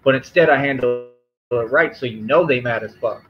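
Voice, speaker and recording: A man of middle pitch lectures his stream chat, firm and confrontational, and he circles back to the same points. The sound is dull and lo-fi. Faint music plays underneath. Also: normal speed. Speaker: livestream host. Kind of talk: live stream rant to chat.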